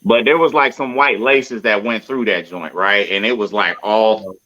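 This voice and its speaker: A man co-hosting a podcast in casual chat, ranting loosely in slang and spelling words out slowly. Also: lowish voice, fairly even intonation, sharp tone, highs cut off. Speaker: podcast co-host.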